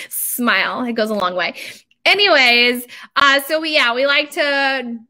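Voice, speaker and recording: A chatty woman hosts a casual live stream, speaking straight to her viewers in a high, lifted voice. Her tone is bright and crisp, and her talk is informal and upbeat, full of fillers and quick asides. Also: lively intonation. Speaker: bakery owner hosting a live stream. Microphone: computer camera mic.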